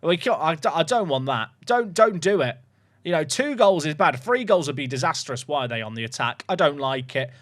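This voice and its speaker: Guy narrating a football game, lively voice jumping around, fairly high, gets loud when it goes wrong. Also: a little fast. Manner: excitable, swings between calm and shouting. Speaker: gaming YouTuber. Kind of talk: game commentary.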